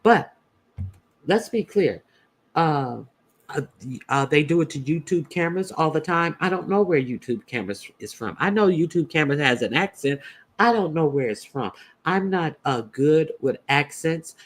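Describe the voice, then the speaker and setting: A man hosting casual opinion commentary, blunt and profane, halting often with "uh" fillers as he talks. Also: on the high side, animated. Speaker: YouTube commentator host.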